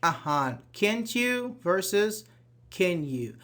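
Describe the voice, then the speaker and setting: Animated man teaching English grammar. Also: sits high, slow pace. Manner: animated, reads example sentences aloud, quizzes students. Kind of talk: online grammar class.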